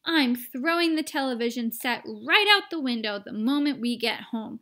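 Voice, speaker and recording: A woman voicing a blustering, exasperated father who shouts, in a storybook read-aloud. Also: fairly high pitch, lively intonation, normal speed. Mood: fed-up. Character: blustering exasperated father, middle-aged man.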